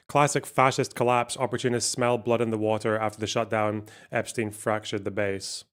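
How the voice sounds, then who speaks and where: A man's voice: lowish voice, flat delivery, moderate pace, few pauses, a bit bright. A man hosting a casual livestream, reading donations and reacting with sarcasm and swearing. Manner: sweary, sarcastic, laughs often. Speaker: livestream host.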